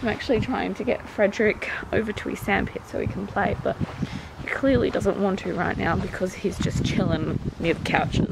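A woman's voice: mid-range voice, normal speed, gravelly. A young Australian woman in her twenties, a stay-at-home mum, chatting casually to her viewers in a vlog. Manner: chatty, keeps addressing viewers as "you guys". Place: at home, indoors and in the backyard. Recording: roomy, distant camera audio with noise.

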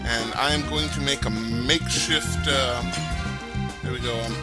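A man hosts a let's play, chatting casually over his gameplay in a rambling, joking, self-mocking manner with background music playing. His voice is medium-pitched and creaky, his pace unhurried and his intonation fairly even.

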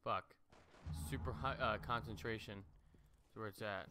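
A man's voice: on the low side, steady tone, moderate pace, long pauses, sharp tone, a little hiss or hum. A young man giving joking, profane gameplay commentary into a desk mic on a stand, with sudden shrieking outbursts. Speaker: gaming streamer.

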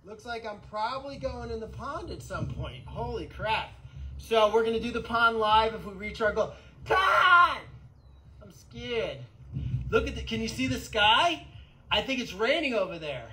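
A man hosting a casual live vlog outdoors on an animal sanctuary farm, talking in an excitable, rambling way. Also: high voice, normal speed, low-quality recording.

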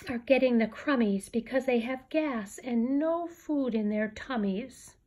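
A woman's voice: fairly high pitch, a little slow, darkish tone, close to an everyday voice. A woman reading a picture book aloud and voicing a small grumpy male creature who guards the trees, in a scolding, pleading manner. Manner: scolding, pleading storybook delivery.

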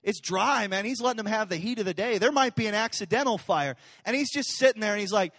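A male pastor preaching a sermon in a church, animated and conversational, swinging between loud, intense passages and hushed, soft ones. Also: high voice, quick pace, hardly any pauses. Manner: casual, conversational phrasing with fillers. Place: church sanctuary.

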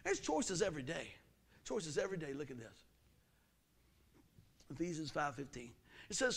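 Middle-aged man, sermon, folksy, animated, high gravelly voice. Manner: animated, folksy, preaching with quick jumps in pitch and volume. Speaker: pastor.

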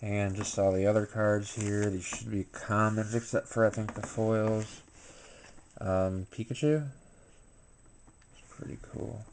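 Tired man, deep flat delivery, slow pace; casual unboxing vlogger. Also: slight background noise. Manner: low-key, unhurried commentary with filler words. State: tired and sleepy. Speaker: YouTuber opening a card pack.

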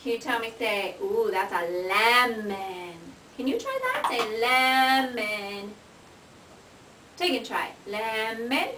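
A woman coaching a small child to say words, in a sing-song, encouraging way, slow and clear. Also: fairly high pitch, sing-song, far from the mic. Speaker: speech therapist. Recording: echoey room, mic from afar, noisy home video.

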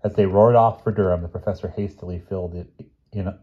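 A man reading a novel aloud as an audiobook narrator, steady, with small slips and restarts. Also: low voice, a little fast, husky, phone-quality sound. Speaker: audiobook reader.

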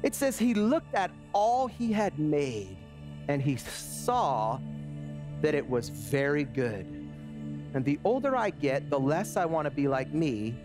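A man in his forties preaching a sermon as pastor, telling lively stories before slowing to a quiet, earnest close. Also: on the high side, music in the background. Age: 40s. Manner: animated storytelling that drops to a quiet, slow, earnest close.

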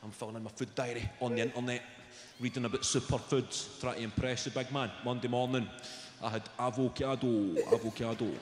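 A Scottish man doing a stand-up routine, telling an animated story full of swearing. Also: mid-range voice, fairly quick, hardly any pauses. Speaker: stand-up comedian. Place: live comedy venue. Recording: echoey live venue with loud crowd noise.

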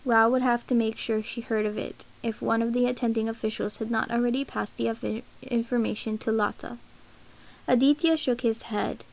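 Gravelly woman reading a novel aloud. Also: on the high side, flat delivery, moderate pace, poor audio. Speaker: narrator.

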